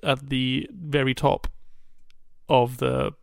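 Gravelly, smooth-toned man chatting. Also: mid-range voice, level tone, slow pace, no room sound, clean studio sound. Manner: wry, laughs often, talks in asides. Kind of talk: casual podcast chat.

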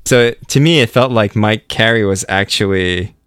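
A man co-hosting a podcast about books, giving his views in a measured, wry way in casual chat. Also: lowish voice, fairly bright tone, clean tone, no room sound, studio quality. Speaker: book podcast co-host.

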